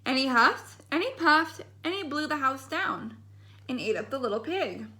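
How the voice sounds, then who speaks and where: A woman reading a bedtime story aloud, gentle and expressive. Her voice sits high and sounds bright and clear. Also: moderate pace.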